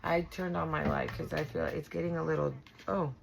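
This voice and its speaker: A woman's voice: sits low, steady tone, fairly quick, vocal fry, noisy background. A woman doing a casual tarot reading for her viewers, blunt and profane, repeating and restarting herself for emphasis. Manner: blunt and profane, swears freely; emphatic and repetitive, restarts often. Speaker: tarot reader.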